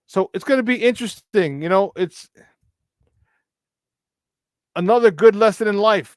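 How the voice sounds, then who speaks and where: In a clean, echo-free studio, a high-pitched man hosts a morning sports talk show at normal speed with long pauses. He talks casually but emphatically, repeating points for weight and slipping in preachy asides.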